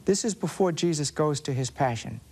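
A man with a Southern US accent preaching a Catholic sermon, slowly and deliberately, drawing out key words for emphasis. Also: fairly high pitch, expressive, darkish tone, breathy edge. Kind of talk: sermon teaching on scripture.

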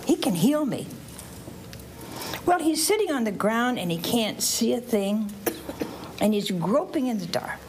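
Woman preacher, higher voice, very expressive pitch, asks the crowd questions, whispers asides, faint hum of room behind. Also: moderate pace. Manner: animated, quizzing the audience with questions. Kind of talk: sermon to children and families.

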